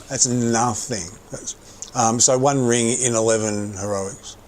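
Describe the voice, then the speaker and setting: A man's voice: lowish voice, fairly even intonation, measured pace, darkish tone, a little hiss or hum. A middle-aged man streaming a game, rambling casually about his gear and occasionally swearing. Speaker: gaming livestreamer. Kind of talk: casual gameplay commentary.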